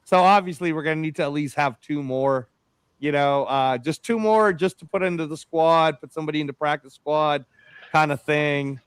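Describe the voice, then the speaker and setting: A man hosting a casual sports podcast, animated and rambling, calling people "bro" and "man". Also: a little high, normal speed, smooth, dry recording. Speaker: podcast host.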